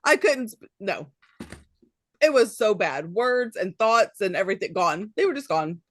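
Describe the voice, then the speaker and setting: A woman's voice: mid-range voice, big pitch swings, normal speed, dry recording. A woman co-hosting a podcast in casual chat, laughing often and sometimes trailing off mid-thought. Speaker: podcast co-host.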